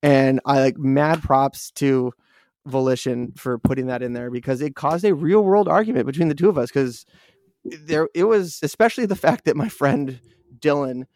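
Animated swearing man telling a story. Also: mid-range voice, moderate pace, dry recording, clean studio sound. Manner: animated, swears freely, acts out quotes. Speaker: podcast co-host. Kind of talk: casual storytelling chat.

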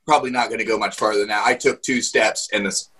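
A man's voice: on the low side, steady tone, quick pace, bright, forceful tone, slightly rough. A man in casual chat, matter-of-fact as he adds details to a hunting story. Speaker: guest hunter.

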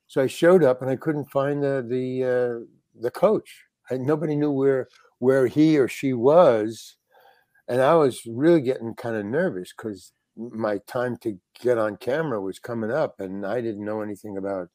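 An older actor telling a story as an interview guest in a halting, rambling way, full of restarts. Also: male voice, medium pitch, mellow, dry recording. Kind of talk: casual storytelling.

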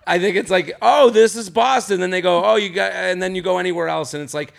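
A man in his thirties hosting a podcast, chatting casually and riffing with quick joke impressions. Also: high-pitched, fairly even intonation, gravelly, a bit bright. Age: 30s. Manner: jokey, riffs with quick impressions of people. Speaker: podcast host. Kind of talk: casual chat.

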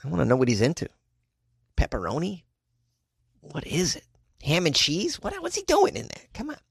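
Man, comic news host, jokey and laughing, slightly high voice, dry. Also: wildly swooping pitch, moderate pace, creaky, breathy edge, no room sound. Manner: wisecracking, laughs often, riffing asides. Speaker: podcast host. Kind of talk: comedic news commentary.

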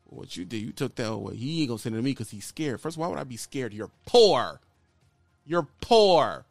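A man's voice: medium pitch, fast talker, vocal fry, no room sound, soft background music. A man ranting at another YouTuber in a blunt, mocking call-out, repeating his insults over and over. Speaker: YouTuber calling out another trucker. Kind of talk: heated call-out rant.

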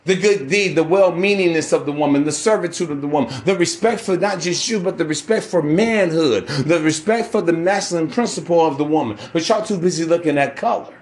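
A man's voice: fairly high pitch, brisk, hardly any pauses, a little mellow. Brash, profane man ranting. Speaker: podcast host. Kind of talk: ranting monologue.

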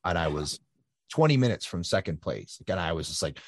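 Man in his 50s, interview guest, rambling animated storyteller, lowish husky voice. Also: fairly quick, dry recording, clean studio sound. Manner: animated storyteller with lots of fillers and restarts. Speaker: guest, ultra-endurance triathlete.

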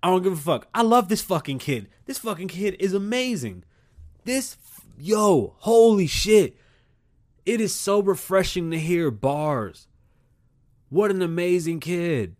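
A man hosting his own show in a casual comedic monologue. He is profane and rambling, and swings between loud outbursts and muttered asides. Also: high-pitched, animated, measured pace. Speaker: podcast host.

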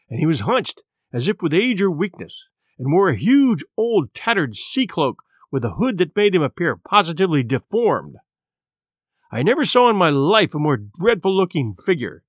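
A male audiobook narrator telling a classic adventure tale with expressive, measured delivery. His voice is fairly high and his pitch moves animatedly. The recording is dry and close to the mic. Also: no echo. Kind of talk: scripted narration.

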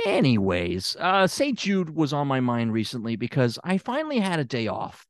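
A man's voice: medium pitch, no room sound, clean studio sound. A man from Memphis, Tennessee, hosting a comedy podcast as a therapist, rambling and hesitant with many restarts. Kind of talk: improvised comedic monologue.

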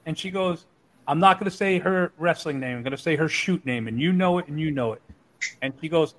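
A man's voice: on the high side, normal speed, rough recording. A middle-aged man telling crude stories in casual chat, acting out the voices of the people in them. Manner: animated, acts out voices in his stories. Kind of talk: profane storytelling chat.

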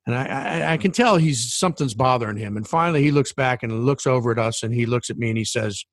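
A man recounting an anecdote in a loose, conversational way, often pausing on ums and uhs. His voice sits at an ordinary middle pitch. The sound is dry and close, with no room around it. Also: dry recording. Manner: rambling anecdote with many fillers. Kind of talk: casual storytelling.

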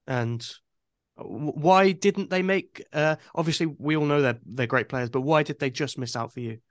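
A man's voice: a little high, moderate pace, no echo, studio quality. A man hosting a casual football podcast, talking loosely with fillers and restarts. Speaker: podcast host.

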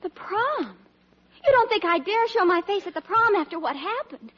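A woman's voice: very high-pitched, sing-song, moderate pace. A gushing, dramatic college girl on old-time radio. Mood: sulky. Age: young adult. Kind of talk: 1940s radio sitcom acting. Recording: dull old radio recording, audience and hiss.

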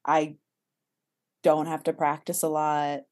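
Playful woman with a lowish voice. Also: flat delivery, slow, darkish tone. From Miami, USA. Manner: playful, laughs often, trails off and restarts. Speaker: guest songwriter. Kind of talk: casual chat.

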